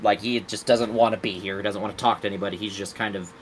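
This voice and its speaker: A man's voice: lowish voice, fairly even intonation, quick pace, slight background noise, poor audio. Casual man narrating as game master. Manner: casual, filler-heavy description.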